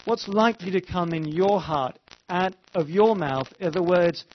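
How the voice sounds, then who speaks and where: Man, preacher, sermon, swings between fervent and hushed, faint hiss behind. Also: sits high, moderate pace, lo-fi sound. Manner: impassioned, rises to fervent pleas then drops to hushed tones.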